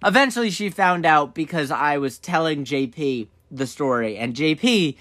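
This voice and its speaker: A man's voice: normal speed, dry recording, studio quality. A man co-hosting a podcast, telling a childhood story in casual chat and acting out the other people in it. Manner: animated, acts out quoted voices with big pitch jumps. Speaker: podcast co-host.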